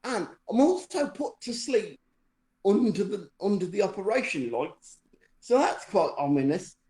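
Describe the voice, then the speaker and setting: A podcast co-host with a high voice tells a personal anecdote in an unhurried, relaxed, chatty way. He rambles with lots of "um"s and restarts and pokes fun at himself with dry humour, and the roomy recording has noticeable echo.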